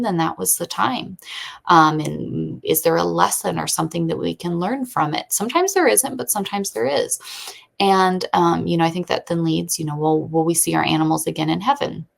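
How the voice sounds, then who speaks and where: A woman in her thirties chats casually as a podcast host from her home. Her voice sits low and carries some gravelly fry. She tells family stories with animated quotes and turns earnest when she talks about faith. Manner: chatty storyteller, animated quoting, earnest faith talk. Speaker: podcast host and homeschooling mother. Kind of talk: casual chat. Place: at home during a thunderstorm.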